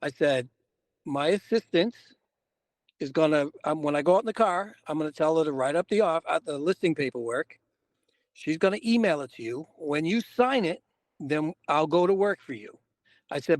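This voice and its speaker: A man's voice: fairly high pitch, animated, moderate pace, dry recording, clean studio sound. A man co-hosting a podcast, a realtor telling a story in casual chat and acting out both sides of the conversation.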